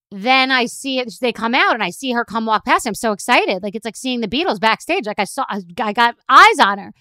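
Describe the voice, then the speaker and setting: A woman's voice: fairly high pitch, sharp tone, clear, resonant tone, no room sound. A middle-aged woman hosting a podcast, telling a rambling, exasperated story in a solo rant. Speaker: podcast host.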